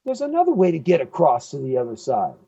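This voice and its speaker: A man rants through a heated opinion monologue as a live show host. He jumps from loud, mocking outbursts to low, grumbling asides. The audio is dull and lo-fi. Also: huge pitch swings, fast, vocal fry. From United States. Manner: ranting, swings between loud outbursts and low muttering.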